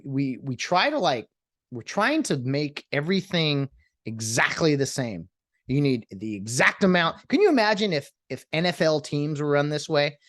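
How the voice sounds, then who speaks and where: A man's voice: on the high side, fairly bright tone, no echo, studio quality. A man hosting his own podcast in a rambling, sarcastic solo monologue that jumps between topics. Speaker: podcast host.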